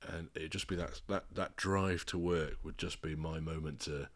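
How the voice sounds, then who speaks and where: Man, 30s, very deep voice, candid podcast chat, sweary, halting. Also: fairly even intonation. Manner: frank, sweary, halting with restarts. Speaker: podcast co-host, father.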